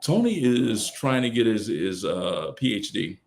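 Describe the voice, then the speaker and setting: A middle-aged man holding forth as a podcast guest. His pitch swings between loud bursts and hushed asides. He tells colloquial stories and acts out what other people said. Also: big pitch swings, a little slow. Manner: colloquial, quotes others in character. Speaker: guest speaker. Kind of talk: casual storytelling on a podcast.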